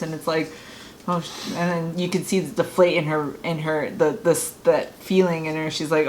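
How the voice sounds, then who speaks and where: A woman co-hosting a casual film discussion, talking in a rambling, excitable way with lots of restarts and "like". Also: deep voice, normal speed, a little hiss or hum. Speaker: podcast co-host.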